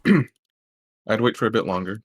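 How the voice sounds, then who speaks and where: A man's voice: fairly low pitch, lively intonation, moderate pace, no room sound. A man playing a tabletop role-playing game, talking in a hesitant way with lots of fillers and tag questions. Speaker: player. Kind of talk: tabletop role-play as a player.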